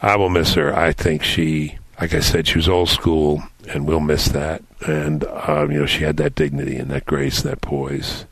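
An older man, a podcast host, telling anecdotes in a casual, animated way with frequent laughs. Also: a bass voice, moderate pace, creaky, hardly any pauses, dry recording. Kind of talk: casual storytelling.

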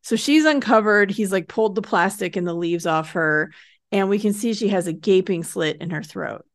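A woman's voice: mid-range voice, normal speed, dry recording. A woman co-hosting a podcast, recapping a TV episode in casual chat, laughing often and swearing casually. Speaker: podcast co-host.

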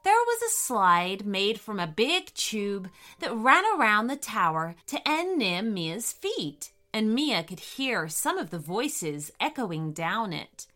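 A woman reading a bedtime story aloud in a gentle, expressive way. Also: mid-range voice, takes it slowly, hardly any pauses.

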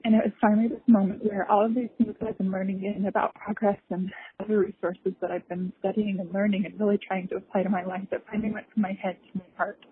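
A young woman telling a personal story, halting and emotional, with many pauses and fillers. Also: mid-range voice, level tone, slight background noise. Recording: tinny phone-like recording.

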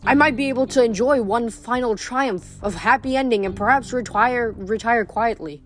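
A woman voicing a weary, wise old male centaur teacher, speaking gravely and low. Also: close to an everyday voice. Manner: grave, sorrowful, slow.

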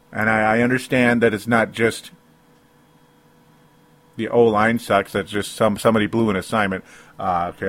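A man's voice: sits low, fairly bright tone. A man giving a solo sports opinion podcast, rambling and interrupting himself with frequent rueful laughs. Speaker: sports commentator.

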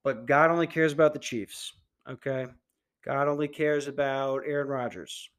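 A young adult man hosting a podcast, delivering a dark comedy monologue in a dry, deadpan way. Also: mid-range voice, normal speed, clean tone. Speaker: podcast host.

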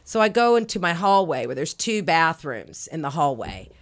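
A woman guest comedian on a podcast, telling a story with lively swings between loud and hushed delivery. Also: low-pitched, moderate pace, dry recording. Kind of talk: casual storytelling chat.

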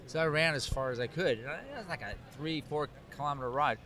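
A man, a photographer, telling an animated anecdote in casual chat, acting out the dialogue. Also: a little high, fast, noisy background. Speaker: cycling photographer.

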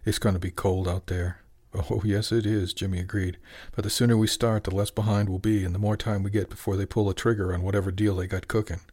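Low-voiced male audiobook narrator. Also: fast, hardly any pauses, slightly rough. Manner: even storytelling, lifts into dialogue. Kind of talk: scripted narration.

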